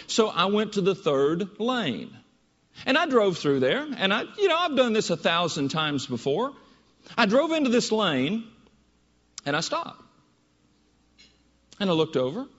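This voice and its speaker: A man giving a presentation, telling a story in an animated, emphatic way, in a dull echoey hall recording. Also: high voice. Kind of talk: storytelling speech.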